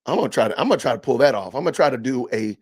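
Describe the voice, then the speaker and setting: A man hosting a podcast livestream, reading comments aloud with animated, indignant, preachy ranting. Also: mid-range voice, rapid-fire, husky. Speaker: podcast host.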